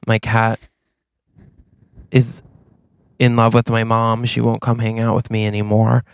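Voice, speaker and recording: A man co-hosting a comedy podcast, pitching a silly movie plot with playful storytelling and quick acted lines. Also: completely flat delivery, creaky, smooth, no echo. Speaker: podcast co-host.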